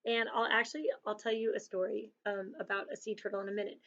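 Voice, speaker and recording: A woman casually telling a personal story to children before reading a picture book, chatty and animated, slipping into little voices for quotes. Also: medium pitch, fast, hardly any pauses. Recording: dull lo-fi sound.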